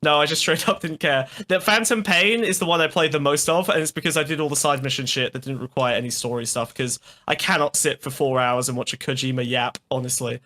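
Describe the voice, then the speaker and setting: A man's voice: on the high side, steady tone, fairly quick, hardly any pauses, sharp tone. A man co-hosting a casual commentary chat, sarcastic, profane and rambling. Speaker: co-host.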